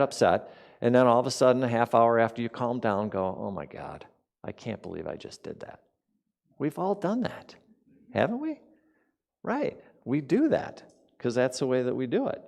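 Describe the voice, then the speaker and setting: Conversational man preaching with big swings. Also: medium pitch. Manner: conversational, with sharp swings between loud emphasis and quiet asides; asks the audience questions. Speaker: speaker at a spiritual community. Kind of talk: sermon.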